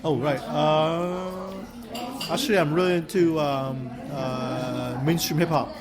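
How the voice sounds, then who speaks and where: A man giving short, halting answers on a podcast in a Korean restaurant, a bit off-mic. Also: on the high side, fairly even intonation. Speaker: podcast guest. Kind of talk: casual chat. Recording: very loud restaurant crowd, off-mic.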